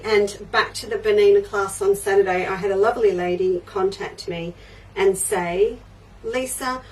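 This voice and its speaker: An older woman chats her way through a live craft show, friendly and rambling as she answers viewers. She sits a little back from the microphone, so her voice sounds slightly distant. Her pitch sits in an ordinary middle range. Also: darkish tone. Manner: chatty, reads out and answers viewer comments. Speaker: quilting show host.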